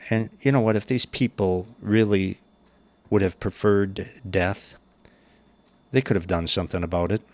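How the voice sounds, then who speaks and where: A man's voice: low voice, steady tone, normal speed, darkish tone, no echo. A man teaching the Bible verse by verse, reading scripture aloud and then commenting on it plainly.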